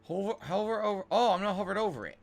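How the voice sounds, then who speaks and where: A man streaming a video game, chatting casually and swinging from loud excited outbursts to low muttering. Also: fast, vocal fry. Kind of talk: casual gameplay commentary.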